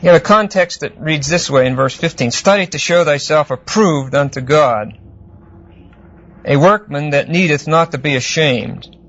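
A man's voice: a little high, a bit bright. Man teaching a Bible lecture. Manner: unhurried, explanatory, with frequent fillers and check-ins. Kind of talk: classroom Bible exegesis lecture. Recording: dull lo-fi lecture recording.

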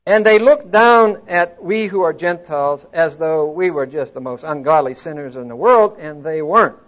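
An older male pastor with a high voice, teaching from the pulpit in a steady, emphatic way and putting questions to his listeners. The recording sounds a little dull and muffled. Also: normal speed. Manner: teacherly, asks the congregation questions, stresses words emphatically. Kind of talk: expository sermon. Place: church hall before a congregation.

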